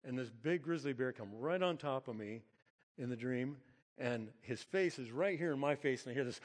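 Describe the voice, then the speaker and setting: A middle-aged man preaching, telling a personal dream story in an earnest, animated way and chuckling now and then. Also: mid-range voice, moderate pace, big-room sound. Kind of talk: sermon-style storytelling.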